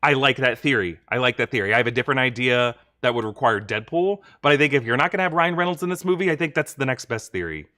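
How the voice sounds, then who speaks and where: Chatty male livestream host, bright tone. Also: mid-range voice, quick pace, hardly any pauses. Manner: chatty, reads viewer questions, thanks donors. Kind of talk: live-stream reaction Q&A.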